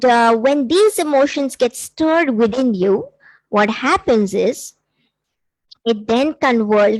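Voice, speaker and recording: Hosting a live-streamed workshop, this intuitive coach speaks in a fairly high voice, earnest and full of filler words, and encourages viewers to send in messages. The audio is poor, with no room sound.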